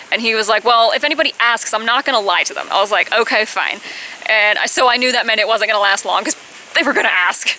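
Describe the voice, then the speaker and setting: A woman in her twenties telling a casual storytime on her vlog, chatty, with high-pitched bursts when she quotes herself. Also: bright, forceful tone, a little hiss or hum, poor audio. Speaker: vlogger.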